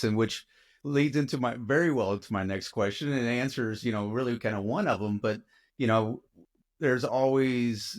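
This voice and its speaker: Lower-voiced man hosting a podcast. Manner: halting, filler-heavy questions. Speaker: podcast host. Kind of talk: casual interview questions.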